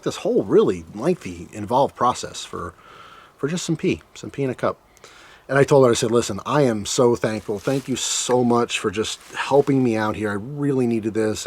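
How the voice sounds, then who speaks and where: A man casually telling a personal story to his viewers, joking and acting out his own reactions. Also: medium pitch. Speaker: storytime vlogger.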